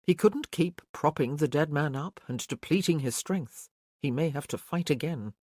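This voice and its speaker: A narrator reading a historical romance audiobook in a steady storytelling voice. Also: medium pitch, moderate pace, dry recording, clean studio sound.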